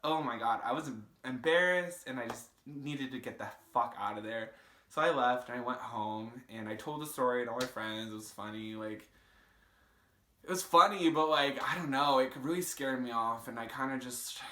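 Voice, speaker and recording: Young guy in his 20s doing a storytime, says like a ton, swears, bright voice in an echoey room. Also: medium pitch. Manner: casual, swearing, lots of "like" fillers. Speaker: vlogger. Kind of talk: storytime vlog.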